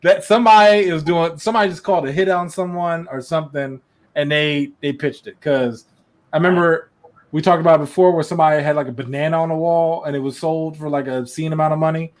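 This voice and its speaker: A man's voice: on the high side, steady tone, quick pace. A man co-hosting a comedy podcast, joking loosely and riffing in casual chat. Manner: joking, loose, puts on a fake French accent. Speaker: podcast co-host.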